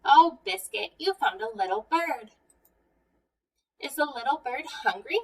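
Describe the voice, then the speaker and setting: A cheerful young girl, read by a woman, speaks gently and coaxingly, slow and bright like a picture-book reading. The voice is fairly high and sits a little away from the microphone. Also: animated, slightly rough, recorded from a distance, heavily acted.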